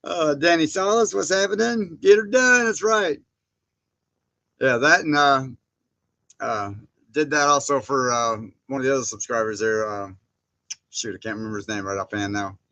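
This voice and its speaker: A man's voice: mid-range voice, unhurried, long pauses, sharp tone, dry recording. Chatty man on a livestream. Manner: rambling, chuckles often, reads chat names aloud. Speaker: livestream host. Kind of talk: casual livestream chat. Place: indoor barn workspace.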